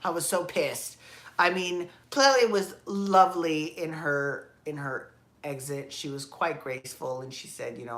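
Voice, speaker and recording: This podcast host talks alone in a loose, chatty style, cursing often and fixing her words mid-thought. Her voice is low and a bit bright, and she keeps a normal speed.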